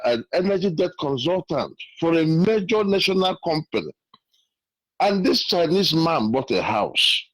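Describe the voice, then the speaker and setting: Over a low-quality phone line with no room sound, a man with a Nigerian accent from Imo State calls in to a radio show. His voice is on the high side, and he tells his story earnestly as testimony, repeating his phrases.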